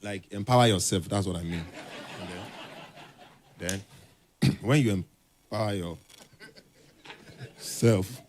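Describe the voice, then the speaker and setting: Man giving a lively conference talk. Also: lowish voice, slow pace, long pauses, slight background noise. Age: young adult. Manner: animated, acts out dialogues, builds to emphatic urging. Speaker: conference speaker. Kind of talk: motivational talk with comic skits. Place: conference hall stage.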